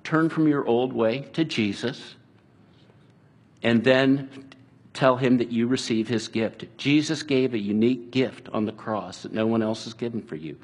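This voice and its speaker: A man preaching a sermon in an earnest, conversational way, dropping soft and slow at times. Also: medium pitch. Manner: earnest, conversational preaching with restarts and quiet, slowed passages. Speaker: pastor.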